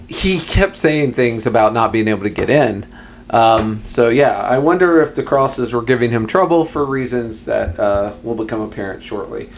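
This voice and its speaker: A man's voice: mid-range voice, a little hiss or hum. Laid-back man with lots of "yeah"s. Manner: profane, wry. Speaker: movie podcast co-host. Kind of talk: casual chat recapping a film.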